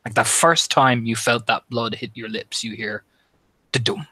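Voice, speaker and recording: A man's voice: mid-range voice, fairly even intonation, moderate pace, sharp tone, no room sound. A man narrating as game master of a tabletop horror game, dramatic and imitating heartbeats. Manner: dramatic, mimics heartbeat sounds.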